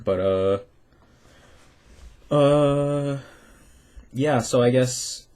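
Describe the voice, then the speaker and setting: A man's voice: mid-range voice, very slow, a little mellow, smooth. A young man telling a casual, rambling story about learning a language, with frequent restarts and the odd swear word. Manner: rambling, swearing, acts out quoted voices.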